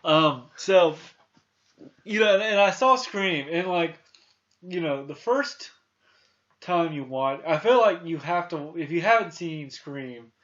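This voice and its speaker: A man's voice: on the high side, fairly bright tone, highs cut off. A man in his thirties hosting a casual movie review chat, rambling with many restarts and fillers. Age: 30s. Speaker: podcast host.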